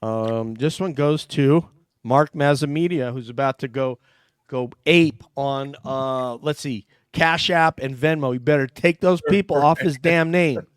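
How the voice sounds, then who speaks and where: Reading out viewer super chats on a casual livestream panel, a man jokes around and thanks donors warmly. His mid-range voice is smooth and measured. The studio sound is clean with no echo.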